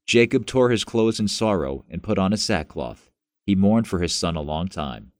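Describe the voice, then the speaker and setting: A man narrating a Bible story in a measured, plain reading. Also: on the low side, expressive, no room sound, studio quality.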